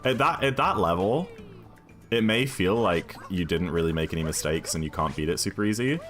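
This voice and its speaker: A man's voice: low voice, lively intonation, a little fast, fairly bright tone, faint music behind. A British man streaming a video game, chatting casually and thinking aloud while answering viewers' questions. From United Kingdom.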